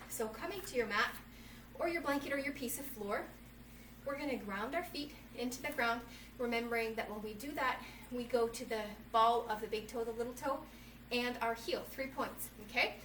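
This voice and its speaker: Reading a storybook while she leads kids' yoga at home, a woman guides children through poses in an upbeat, encouraging way, calling them "friends." Her voice is fairly high and a bit bright, delivered at normal speed. A distant mic leaves the sound roomy, with faint ambience and slight background noise.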